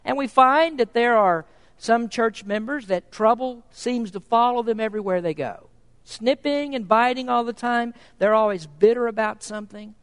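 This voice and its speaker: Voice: mid-range voice, normal speed, smooth. A preacher delivering a sermon in an emphatic way, posing rhetorical questions and reading scripture in old-fashioned wording. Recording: long reverb of a large hall.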